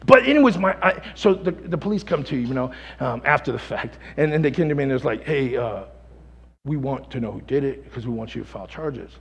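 A man preaching a sermon as a pastor, telling stories with lively acted quotes and laughter. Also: medium pitch, fairly quick, gravelly, slightly rough, big-room sound.

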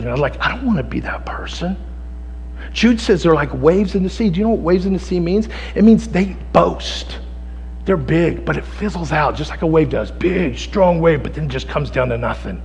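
A middle-aged male pastor preaching a sermon, swinging from hushed, intense passages to loud, shouted exhortation. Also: a little high, lively intonation, a little fast, creaky, long reverb tail, a little hiss or hum, poor audio.

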